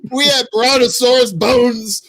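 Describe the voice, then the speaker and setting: A man's voice: very high-pitched, fairly even intonation, a little slow, a crowd in the background. A man co-hosting a podcast, joking around in casual, profane banter from a remote setup. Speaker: podcast co-host. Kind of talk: casual comedic chat. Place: Chicago home setup, remote.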